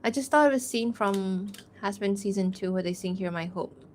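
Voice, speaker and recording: A woman's voice: medium pitch, normal speed, a little hiss or hum. A young woman chatting casually on a drawing stream, rambling with lots of fillers and frequent laughs. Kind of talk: casual livestream chat while drawing.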